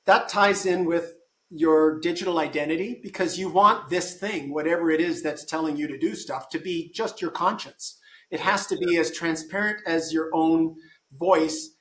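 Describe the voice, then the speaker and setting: A man's voice: fairly high pitch, normal speed, fairly bright tone, echoey room. A man talking as a guest in a casual conversation. He thinks aloud and often restarts his sentences.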